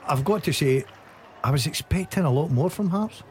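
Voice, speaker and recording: Male pundit, wry joking tone, lively raised voice. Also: fairly high pitch, moderate pace, slight background noise. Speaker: studio pundit. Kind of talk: casual studio banter.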